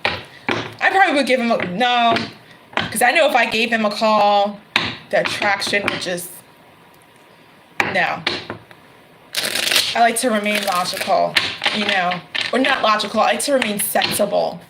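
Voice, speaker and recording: A woman's voice: medium pitch, a little slow, long pauses, very noisy. Chatty woman reading tarot over shuffling cards. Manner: chatty, laughs often, corrects herself mid-sentence. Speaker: tarot reader. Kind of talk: live tarot reading, casual chat. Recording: card shuffling and clicks behind voice.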